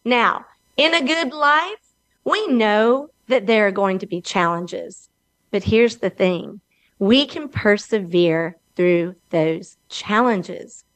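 A middle-aged woman with an Alabama Southern accent, hosting her own talk show in a slow, earnest, motivational way. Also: mid-range voice, no room sound. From Alabama, USA. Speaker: podcast host.

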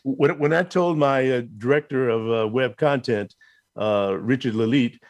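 A man's voice: mid-range voice, unhurried, no room sound. A man hosting a talk show interview, enthusiastic, stammering a little as he starts his questions.

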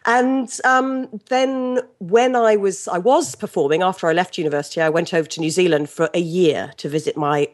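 A middle-aged woman with an English accent, a guest telling stories in a lively, chatty way with many restarts. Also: medium pitch. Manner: chatty, animated storyteller with frequent restarts and laughs. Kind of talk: casual interview chat.

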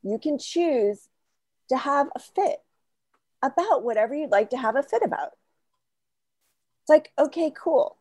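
High, lively storytelling woman. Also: a little slow, long pauses, no echo, studio quality. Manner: animated, laughing storyteller. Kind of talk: casual podcast conversation. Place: Florida.

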